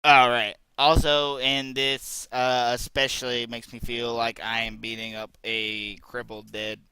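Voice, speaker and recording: A man delivering a rambling, profane video rant full of sarcasm. His voice is bright and forceful. The sound is dry and close. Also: medium pitch, level tone, unhurried, clear, resonant tone, no room sound, rough recording. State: hiccuping. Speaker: video commentator. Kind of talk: ranting commentary monologue.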